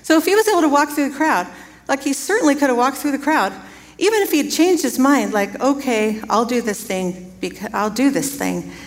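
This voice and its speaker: A woman's voice: high voice, animated, fairly quick. Woman preaching in a reverberant hall. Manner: chatty and laughing, storytelling with quoted dialogue. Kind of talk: sermon.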